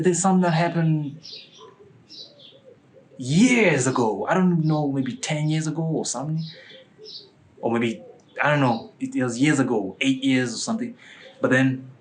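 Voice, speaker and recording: A man's voice: mid-range voice, normal speed, pauses often, poor audio. Rambling man giving a spiritual testimony. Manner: rambling, repetitive restarts. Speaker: vlogger.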